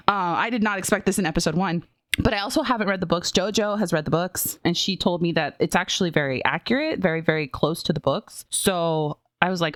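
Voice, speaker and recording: A woman co-hosting a film and TV review podcast in casual chat, animated and gushing, laughing and breaking off mid-sentence. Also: medium pitch, brisk, no room sound, clean studio sound. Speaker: podcast co-host reviewing films and TV.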